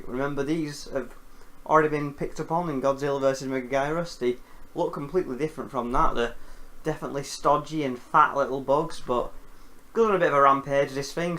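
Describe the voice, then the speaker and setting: A man hosting a casual film recap, animated and jokey, with casual swearing. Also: mid-range voice. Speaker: film reviewer host.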